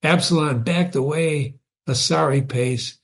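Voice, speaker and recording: Slow, high-voiced male poetry reader. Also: gravelly. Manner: slow, explaining asides to listeners. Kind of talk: reading a poem aloud with asides.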